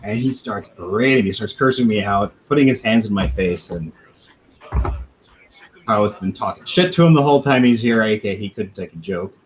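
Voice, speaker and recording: A man's voice: on the low side, moderate pace, slight background noise, rough recording. A man on a podcast casually telling a long profane story, laughing now and then and acting out what others said. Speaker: podcast host.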